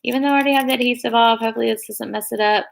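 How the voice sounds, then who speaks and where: A woman's voice: a little high, fairly even intonation, rapid-fire, gravelly. A young woman chatting casually on a live stream, rambling and hedging as she works on her nails. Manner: rambling, chatty, hedges a lot. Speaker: beauty vlogger on a live stream. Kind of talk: casual chat while doing her nails.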